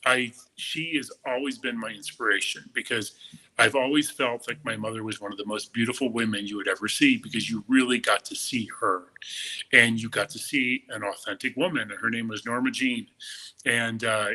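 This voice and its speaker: A middle-aged man speaks with a bright, forceful tone and plenty of gushing enthusiasm. His pitch sits right in the usual middle for a man. He talks casually as a guest in an interview. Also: fairly even intonation, normal speed, low-quality recording. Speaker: makeup artist guest.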